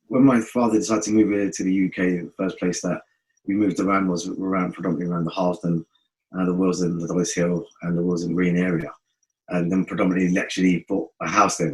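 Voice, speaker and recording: A man with a London accent, a guest telling stories in a casual interview, animated and rambling, acting out the people he quotes. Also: sits low, poor audio. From North West London. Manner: animated, acts out quoted voices, fast rambling. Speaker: guest musician.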